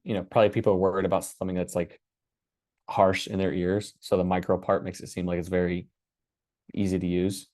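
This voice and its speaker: A man hosting a workshop, walking through his screen in a relaxed, casual way and thinking aloud with many fillers. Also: low voice, a little fast, no echo, studio quality. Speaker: workshop host. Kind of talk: casual screen-share walkthrough.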